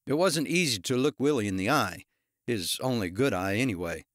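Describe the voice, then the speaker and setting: A male audiobook narrator reads scripted narration in a steady, mid-range voice at a moderate pace. The studio sound is clean, with no room sound.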